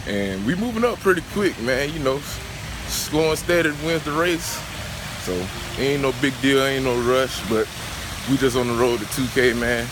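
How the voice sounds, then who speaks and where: A man's voice: mid-range voice, background noise. A man with a Southern US accent ranting in a casual sneaker vlog from his car, agitated, slangy and profane. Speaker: sneaker vlogger.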